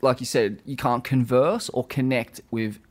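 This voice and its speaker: A man chatting casually as host, relaxed, profane and a little hesitant. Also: mid-range voice, unhurried. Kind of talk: casual chat.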